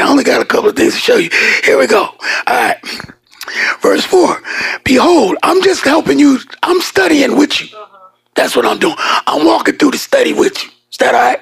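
With lively intonation, a very high, gravelly-fry male voice preaches a sermon. The pastor is emphatic, moving between hushes and shouts, slowing to lengthen key words, and making casual jokes to the congregation.

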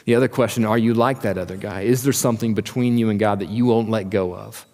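A man preaching an earnest sermon in a lowish voice, putting direct questions to his listeners. His words ring out with a long reverb in a church hall. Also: fairly even intonation, quick pace, creaky, warm tone. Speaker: pastor.

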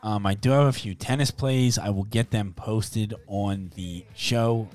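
A man hosting a sports betting podcast, chatting casually and briskly reeling off odds and numbers. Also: fairly low pitch, fairly even intonation, a little mellow, faint music behind.

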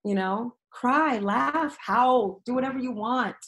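A woman's voice: on the high side, takes it slowly, a bit bright, poor audio. A woman who is a teacher, talking candidly as a podcast guest, earnest and frank, swearing freely and laughing easily. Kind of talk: casual, candid interview talk.

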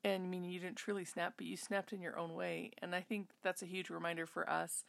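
Woman, 30s, host; low, gravelly, close and dry; chatty and reflective. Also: level tone, fairly quick, hardly any pauses, fairly bright tone, no room sound. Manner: chatty, self-interrupting, reflective. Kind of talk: casual chat.

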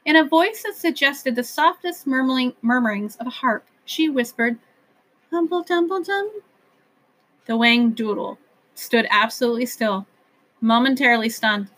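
A woman reading a children's novel aloud as narrator, with gentle, expressive storytelling. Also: a little high, moderate pace.

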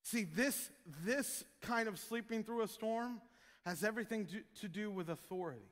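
A male pastor delivers a sermon, his voice high and bright. He talks casually and jokes with his listeners, and now and then he bursts into loud shouted prayers. Long reverb from the hall trails behind him. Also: moderate pace. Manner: joking, jumps to loud shouted prayer impressions.

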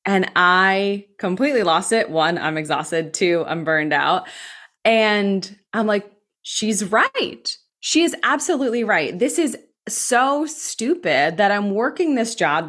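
An American woman in her thirties, a physician assistant, telling a personal story candidly with quick bursts and frequent "like". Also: mid-range voice. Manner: candid, animated, fast bursts with filler likes.

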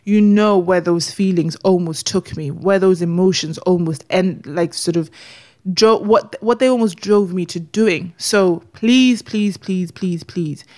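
A woman's voice: lowish voice, a little slow, a little mellow. A woman hosting her own podcast, speaking earnestly and pleading, often repeating words as she talks through a personal story. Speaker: podcast host.

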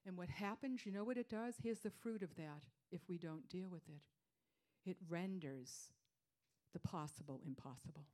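A woman preaching a sermon, repeating her phrases for emphasis and dropping into hushed whispers before rising to loud declarations. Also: on the low side.

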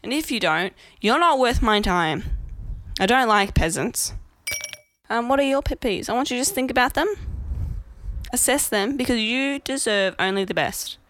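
A woman in her twenties with an Australian accent, hosting a podcast and telling stories in a blunt, chatty way with lively acted-out quotes. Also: fairly high pitch, normal speed, dry recording. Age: 20s. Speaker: podcast host. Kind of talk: casual monologue.

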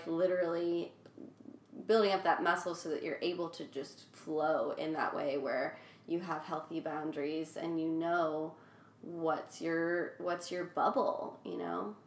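A woman's voice: fairly low pitch, a little hiss or hum. Reflective woman podcaster, echoey room. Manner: reflective, thinking aloud with fillers. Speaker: podcast co-host. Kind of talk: casual chat.

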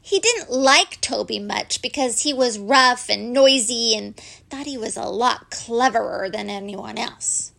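A woman gently reading a children's story aloud, unhurried and expressive. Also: on the high side, creaky.

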